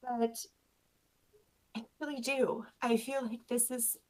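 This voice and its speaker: A woman doing a slow, naive witness-protection newcomer. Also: a little high, little pitch movement, darkish tone. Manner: slow, halting, wide-eyed. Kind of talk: improv comedy character. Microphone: video call.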